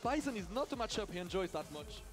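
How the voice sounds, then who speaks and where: A male commentator breaks down fighting game matchups in an animated, explanatory way. His voice sits high and swings widely in pitch. Music plays clearly behind him. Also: fast. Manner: animated, explanatory play analysis. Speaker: esports commentator. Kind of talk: live esports commentary.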